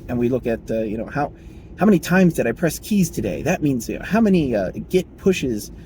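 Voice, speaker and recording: Rambling man with a mellow voice. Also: medium pitch, sing-song, normal speed, slight background noise, rough recording. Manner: rambling, self-correcting, chuckling, mock dialogues in raised voice. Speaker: podcast host. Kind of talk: casual solo talk.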